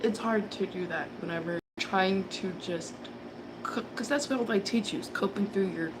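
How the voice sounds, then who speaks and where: A woman's voice: mid-range voice, normal speed. A woman reader talking casually in a rambling, profane monologue, laughing often as she rants. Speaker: tarot reader. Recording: background noise.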